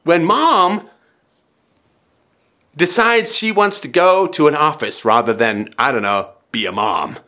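A man hosting a call-in advice show, talking in an animated, dramatic way and acting out scenes to make his point. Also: a little high, slow, pauses often. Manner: animated, dramatic, acts out scenarios.

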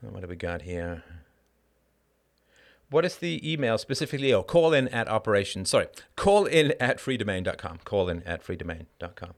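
A man's voice: fairly low pitch, lively intonation, normal speed. A man hosting a live call-in show, delivering a heated monologue in an emphatic, blunt and profane way, with sardonic asides and rhetorical questions.

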